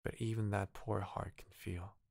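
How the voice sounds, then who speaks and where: Sad golden statue prince, soft mournful voice, low and gravelly, a man reading it, dry close sound. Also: flat delivery, measured pace, dry recording. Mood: sorrowful.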